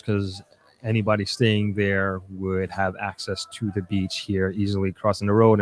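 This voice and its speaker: Casual New man, slightly low voice. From New York, United States. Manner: reads out comments then answers, with frequent restarts and fillers. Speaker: livestream host answering viewer comments. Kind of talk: casual live chat.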